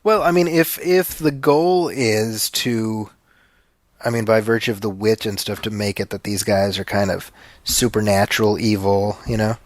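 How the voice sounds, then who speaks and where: A man's voice: on the low side, fairly even intonation, moderate pace, dry recording. Man chatting through film commentary, dry sound. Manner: joking, chatty, stumbles over repeated words. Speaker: podcast co-host. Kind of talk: casual film commentary chat.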